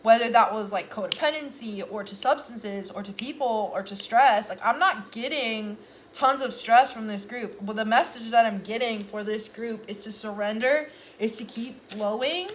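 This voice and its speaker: A woman's voice: on the high side, normal speed, a little hiss or hum. A young adult woman doing a casual tarot reading vlog, talking in an earnest, rambling way and often restarting her sentences. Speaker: tarot reader.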